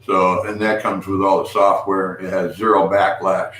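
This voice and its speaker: A man's voice: low voice, flat delivery, moderate pace, fairly bright tone. A man hosting a casual live stream, rambling with restarts and calling out to viewers. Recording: echoey room with faint noise.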